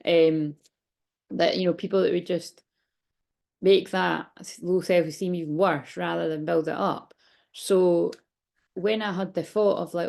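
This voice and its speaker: Woman, late thirties, tarot reader, casual rambling talk, slightly low pitch, gravelly fry, hiccuping, out of breath. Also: steady tone, unhurried, a little mellow. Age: 30s. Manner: rambling, chatty, many restarts. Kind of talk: casual tarot reading vlog.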